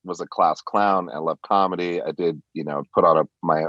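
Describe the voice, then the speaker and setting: A man's voice: sits low, fairly even intonation, normal speed, fairly bright tone, no room sound, muffled recording. A man guesting on a podcast, chatting casually and playfully, laughing often and sliding in and out of put-on accents. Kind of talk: casual interview chat.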